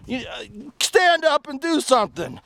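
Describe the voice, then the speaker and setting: A middle-aged man with a high voice rants to a handheld camera outdoors on a park trail. He rambles and repeats himself, his anger rising into shouts. The sound is dry and close, with little echo. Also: very animated, normal speed, creaky. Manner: ranting, shouting, rambling and repetitive. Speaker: vlogger. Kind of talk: angry political rant to camera.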